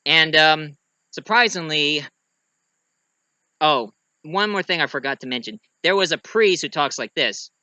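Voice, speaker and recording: A man talks through a film review in a loose, rambling way, often backing up and restarting his sentences. His voice is bright and sharp, a bit higher than most men's, and the recording is dry and close with no room echo. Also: expressive, moderate pace, clean tone. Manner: rambling, full of fillers and restarts, acts out quotes. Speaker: movie reviewer. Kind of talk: casual spoken movie review.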